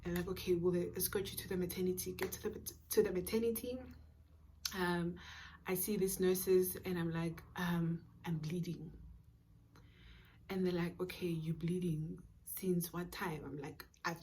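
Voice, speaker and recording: A young South African woman vlogger telling a personal story in a casual, animated way, acting out dialogue and dropping to whispers at times. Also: fairly low pitch, normal speed, a little hiss or hum. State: pregnant.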